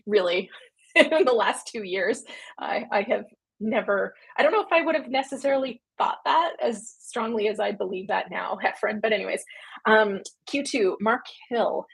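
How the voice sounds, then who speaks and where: A Canadian woman talks through viewer questions on a casual livestream, her voice slightly husky. She rambles warmly into tangents, filling pauses with ums and quick laughs. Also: mid-range voice, lively intonation. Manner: chatty and rambling, frequent fillers and laughs. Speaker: publishing company founder hosting a livestream.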